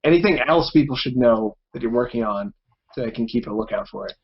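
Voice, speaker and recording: A man's voice: medium pitch, lively intonation, fast talker, slightly rough, lo-fi sound. A man hosting a casual interview, eager and fanboyish about his guest. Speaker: podcast host.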